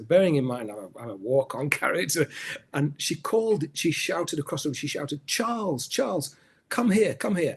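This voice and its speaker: A middle-aged man, an actor as a guest, telling stories in a relaxed interview, often restarting his sentences. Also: mid-range voice, breathy edge. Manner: rambling storyteller, many restarts. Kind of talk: anecdotal interview chat.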